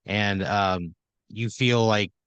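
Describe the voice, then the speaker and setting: A man's voice: fairly low pitch, steady tone, slow pace, fairly bright tone, smooth, dry recording. A man hosting a comedy podcast, narrating an improvised scenario in second person with lots of fillers and restarts. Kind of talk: improvised storytelling.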